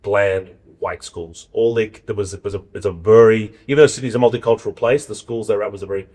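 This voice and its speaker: A man's voice: fairly low pitch, fairly even intonation, quick pace, darkish tone. A middle-aged Australian man telling stories in a casual podcast chat, often restarting his phrases. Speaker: guest.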